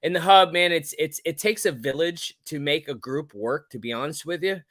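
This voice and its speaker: A man in casual podcast chat who leans hard on his points. His tone is sharp and bright and sits a little high. The sound is dry and close, with no room echo. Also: moderate pace. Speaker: podcast co-host.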